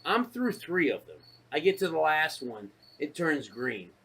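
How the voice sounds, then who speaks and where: A man co-hosting a podcast, telling a casual story full of profanity and acting out his own shouted lines. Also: on the high side, unhurried, breathy edge. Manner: profane, animated, acts out shouted quotes. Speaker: podcast co-host.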